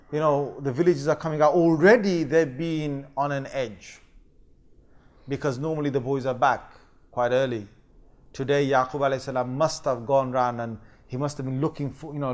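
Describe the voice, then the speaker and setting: Animated high-voiced male lecturer. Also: normal speed. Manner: animated, acts out quoted voices and fake crying. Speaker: Islamic teacher. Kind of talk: lecture on a scripture story.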